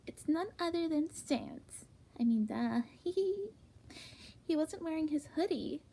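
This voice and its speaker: Woman, comedic fanfic reading, half-whispered, high gravelly voice. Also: normal speed. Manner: hushed, half-whispered delivery with sudden giggles and jumps in pitch. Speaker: fanfic reader.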